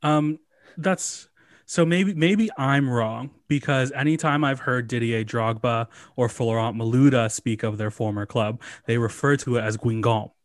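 Deadpan guy w/ dry one-liners, super dry close mic. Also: medium pitch, measured pace, no room sound. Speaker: podcast co-host. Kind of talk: casual sports chat.

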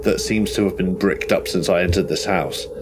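A man playing a tabletop horror game, talking excitedly and ramblingly through his character's actions, with some swearing. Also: deep voice, moderate pace, noisy background. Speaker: player.

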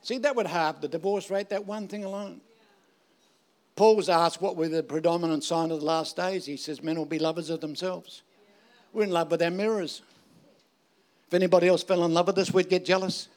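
An older man preaches with a slightly high voice. He mixes jokes into his sermon and keeps throwing emphatic rhetorical questions at his listeners. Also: fairly even intonation, brisk, a little mellow. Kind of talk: sermon with humorous stories.

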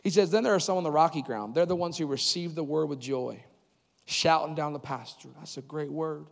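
A man's voice: on the high side, gravelly. Man preaching with echoing hall reverb. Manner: animated, rising to loud emphatic peaks with quick asides. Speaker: pastor. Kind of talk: sermon. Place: church service. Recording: long reverb of a large hall.

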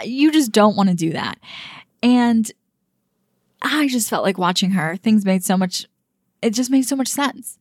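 A woman's voice: mid-range voice, animated, measured pace, long pauses, no echo. Young female dating coach, outspoken, chatty, mid-range voice, dry close sound. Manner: frank and emphatic, with frequent fillers and mild swearing. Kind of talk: casual opinion commentary.

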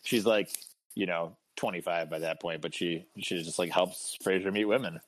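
A man's voice: sits low, steady tone, normal speed. A man co-hosting a podcast in casual chat, rambling through stories with chuckles. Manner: rambling storyteller, many restarts and chuckles. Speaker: podcast co-host.

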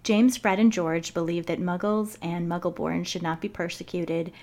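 A woman hosts her own podcast and reads from a prepared script. Her voice sits a little low for a woman. She reads in a measured, clear way. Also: fairly even intonation, darkish tone. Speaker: podcast host. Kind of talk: reading a prepared script with book excerpts.

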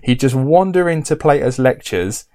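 Bloke, podcast host, lively storyteller, swears freely, mid pitch. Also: male voice, normal speed. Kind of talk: casual chat.

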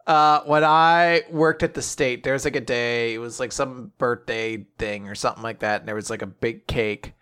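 A man co-hosting a casual chat, telling anecdotes in a giggly, animated way. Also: mid-range voice, moderate pace, hardly any pauses, smooth. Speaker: podcast co-host.

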